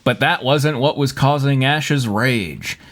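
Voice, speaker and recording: A man reads fanfiction aloud on a comedy podcast, his voice swinging widely up and down in mock-dramatic narration. His mid-pitched voice keeps cracking into laughter. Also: animated, slow pace, fairly bright tone. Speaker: podcast host and reader.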